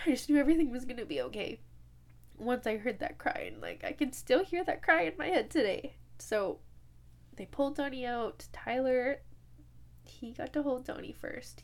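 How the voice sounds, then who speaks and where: A woman's voice: sits high, normal speed. A young woman telling a personal story in an emotional way, full of quoted dialogue and fillers. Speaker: podcast host.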